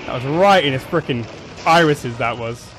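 A man commentating on his own gameplay, excitable, swearing, shouting and laughing at the action. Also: medium pitch, normal speed, a little hiss or hum, rough recording. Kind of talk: let's play commentary.

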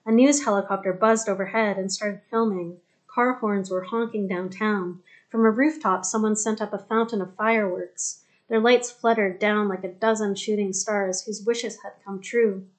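A woman narrating a novel in a steady, even voice. Her pitch sits in the middle of the range, and she reads at an even storytelling pace. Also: moderate pace. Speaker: audiobook narrator. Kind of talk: scripted narration.

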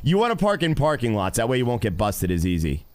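A man giving live gameplay commentary as a streamer, excitable and constantly talking to his chat. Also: mid-range voice, quick pace. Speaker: game streamer.

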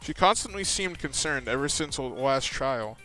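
A determined young student sleuth , voiced aloud by a man reading along, with a bright, ringing tone and a pitch that moves around a lot. Delivery is earnest and plain. Soft game music plays behind. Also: animated, moderate pace, poor audio.

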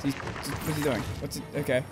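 A man giving let's-play commentary while playing, swearing often and swinging from low grumbling to high yelps. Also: steady tone, normal speed. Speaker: gameplay commentator. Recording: game music loud behind voice.

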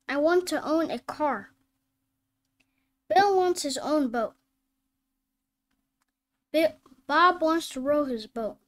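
A woman teaching a phonics reading lesson, reading word lists and simple sentences one at a time, sometimes correcting herself. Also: sits high. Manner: reads each word slowly and distinctly, self-corrects.

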